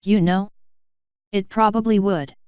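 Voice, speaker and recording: A woman's voice: mid-range voice, steady tone, a little slow, smooth, no room sound, muffled recording, natural voice. Discord, a woman reading as a teasing male chaos spirit. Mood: playful. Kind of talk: fanfiction audiobook reading.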